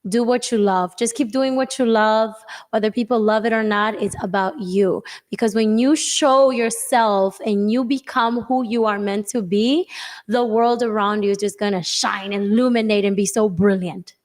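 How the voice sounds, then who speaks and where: A woman's voice: mid-range voice, fairly even intonation, normal speed, in a large hall. A woman co-host speaking in an upbeat, motivational way in casual chat.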